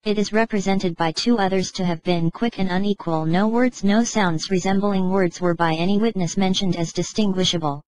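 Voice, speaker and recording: A woman narrating an audiobook in a measured, even reading style. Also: medium pitch, rough recording. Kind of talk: scripted narration.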